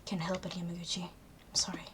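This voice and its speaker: Whispered role-play of a sorry young killer, a guy putting it on, soft unvoiced whisper, slight hiss. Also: sits high, completely flat delivery, brisk, lightly acted. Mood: remorseful. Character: remorseful young student killer confessing.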